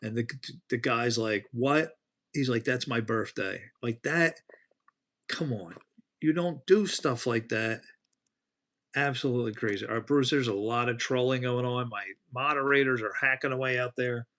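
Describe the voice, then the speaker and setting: A man's voice: mid-range voice, moderate pace, fairly bright tone. A man hosting a casual nightly livestream, telling rambling stories and talking to his chat by name. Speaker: livestream host.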